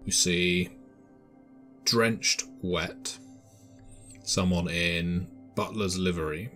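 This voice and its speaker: Deep-voiced game master. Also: male voice, pushed and bright. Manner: descriptive, measured narration. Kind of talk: narrating a tabletop horror game.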